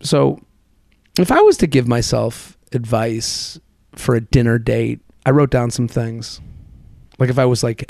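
Man in his thirties, solo podcast host, gravelly, dry close sound, chatty and rambling. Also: mid-range voice, animated, a little slow, long pauses, darkish tone, no echo. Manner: chatty, rambling, self-deprecating.

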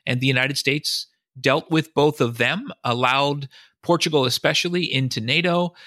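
A man's voice: a little high, moderate pace, sharp tone, dry recording, clean studio sound. A man, a historian and author, giving long explanatory answers in a podcast interview, often quoting sources and thinking aloud.

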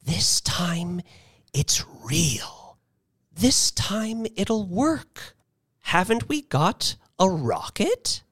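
Casting: man voicing a tiny fierce old lady, shrill and pushy, storybook reading. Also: slow pace, few pauses, fairly bright tone, heavily acted. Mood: desperate whisper. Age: older. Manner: shrill urgent cries. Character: small fierce desperate old woman.

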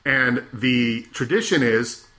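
A man hosting a podcast, chatting casually and retelling scenes with animated laughter. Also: mid-range voice, takes it slowly. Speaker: podcast host. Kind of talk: casual chat.

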